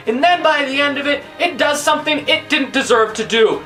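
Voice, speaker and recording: A woman's voice: sits high, a little fast, few pauses, pushed and bright, faint music behind. A woman movie reviewer ranting through a countdown of bad films, exasperated and profane.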